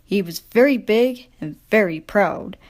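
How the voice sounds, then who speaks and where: A woman reading a children's railway storybook aloud, gentle and expressive. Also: mid-range voice, measured pace. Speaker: storybook narrator.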